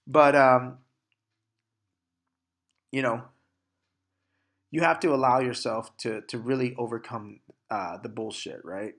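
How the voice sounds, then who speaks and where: An older man in his sixties speaks straight to his listeners in a blunt motivational talk. He swears freely and punches key words with sudden loud emphasis, then drops back to a plain conversational tone. His voice sits at an ordinary middle pitch for a man. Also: slow, pauses often. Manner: blunt, profane and emphatic, with bursts of loudness. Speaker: podcast host. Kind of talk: motivational monologue.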